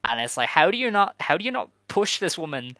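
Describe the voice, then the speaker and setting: A man hosting a casual podcast from a home mic, rambling through recaps with lots of fillers. His mid-pitched voice is bright, and the recording is dry and close. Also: big pitch swings, brisk, no room sound, rough recording. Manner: chatty, filler-heavy recapping. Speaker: podcast host. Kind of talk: casual chat.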